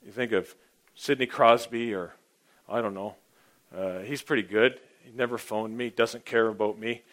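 A man's voice: fairly low pitch, steady tone, moderate pace. Rambling man preaching a sermon. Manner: rambling, informal, often clears throat, swings between loud and quiet.

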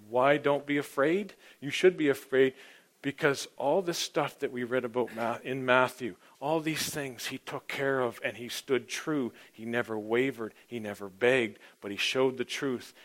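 This is a man's offhand, wandering sermon with plenty of throat-clearing. Loud stresses give way to quiet murmured asides, all in a mid-range voice.

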